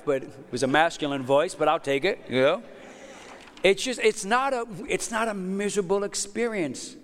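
A man in his fifties, a pastor preaching a sermon in a conversational, energetic way, with joking asides to the congregation. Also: high voice, long reverb tail. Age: 50s. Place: church hall.

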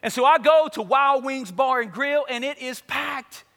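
High, bright-voiced preacher in a big hall. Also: male voice, a little slow. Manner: animated, comic, acts out the people in his story. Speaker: pastor. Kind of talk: storytelling sermon. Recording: long reverb of a large hall.

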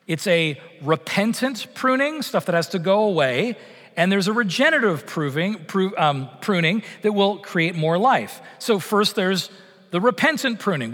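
A middle-aged man from Canada delivers a sermon in a loose, conversational way, full of fillers and restarts. His voice sits high for a man. A long reverb trails each phrase, as in a church sanctuary. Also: fairly bright tone. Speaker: pastor.

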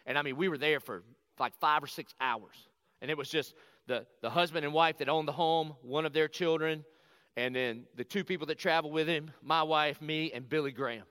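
A middle-aged man, a pastor, telling a personal story in a lively conversational sermon and acting out the quotes. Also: on the high side, a little fast, smooth, dry recording. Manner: animated, conversational, acts out quotes.

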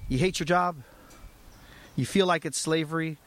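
High-voiced male pastor, animated sermon. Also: normal speed, long pauses. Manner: animated, conversational storytelling.

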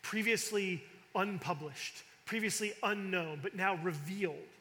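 A man's voice: high-pitched, measured pace, pushed and bright. A man teaching from the Bible in a conversational, emphatic way, often restarting sentences and using fillers. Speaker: preacher. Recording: long hall reverb.

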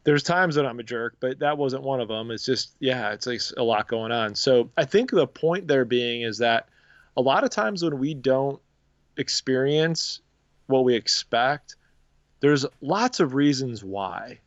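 A man co-hosting a casual faith podcast, talking in a relaxed, reflective, rambling way. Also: medium pitch, unhurried, dry recording, dull audio. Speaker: podcast co-host.

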